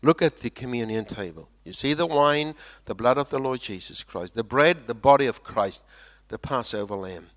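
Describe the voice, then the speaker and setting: A man from South Africa preaching a sermon, swinging from loud emphatic lines to quiet low ones and repeating phrases for weight. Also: animated, normal speed.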